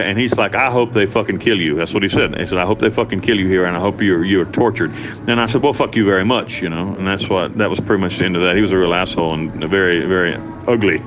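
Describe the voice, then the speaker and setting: Blunt, profane American man telling his story. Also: deep voice. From United States. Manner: blunt and profane, rambling with restarts. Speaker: interview guest. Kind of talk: candid storytelling.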